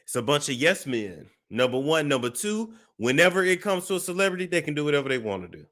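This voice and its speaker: A man hosts a casual celebrity gossip show. His somewhat high voice swings widely in pitch as he builds the story with pauses and restarts. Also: big pitch swings, a bit bright.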